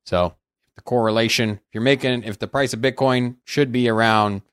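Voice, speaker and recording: A man's voice: mid-range voice, fairly even intonation, moderate pace, fairly bright tone, clear, resonant tone, dry recording, studio quality. A man co-hosting a crypto podcast, musing on the markets in a hesitant way with restarts and fillers. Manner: hesitant, thinks aloud with restarts. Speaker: podcast co-host. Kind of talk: casual crypto market chat.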